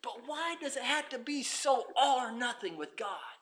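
Fervent male preacher, very high tenor, swings between shouting and hushed tones. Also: lively intonation, normal speed. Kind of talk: sermon.

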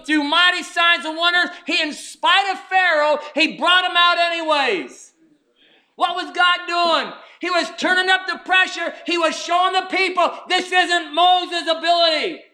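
A male preacher with an extremely high, sharply edged voice delivers a fervent sermon. He drives his points home with rhetorical questions and sudden shouts.

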